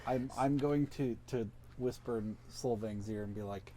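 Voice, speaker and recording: Mid-pitched man player, casual. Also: normal speed, dark tone, slight background noise.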